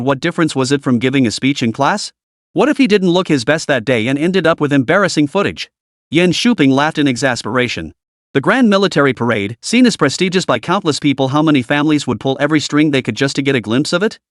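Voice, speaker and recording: A man narrating a story in an even, steady reading voice. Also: fairly high pitch, dry recording, clean studio sound.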